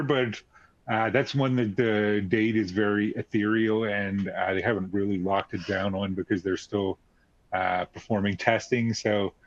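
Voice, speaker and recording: On a webinar, a technical expert guest with a lowish voice answers questions, explaining at length and leaning on frequent fillers. The webcast audio is dry and muffled, with no echo.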